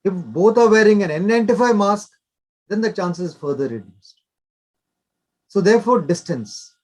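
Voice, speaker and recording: An older male doctor gives advice in an interview. His voice sits fairly high, and he talks instructively in short, repeated directives. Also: animated, normal speed. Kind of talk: explanatory interview talk.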